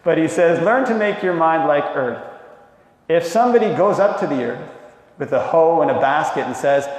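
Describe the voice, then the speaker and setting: A man gives a dhamma talk in a slow, deliberate storytelling manner, now and then chuckling lightly. His voice sits a little high for a man. The recording is very echoey, with a long reverb tail like a big hall. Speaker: monk teaching a dhamma talk.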